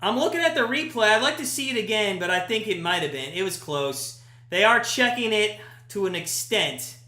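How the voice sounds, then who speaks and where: Excitable man calling a match. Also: high-pitched, normal speed. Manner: excitable, chatty play-by-play that jumps to shouts at big chances. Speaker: live stream host. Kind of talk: casual watch-party commentary. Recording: echoey room.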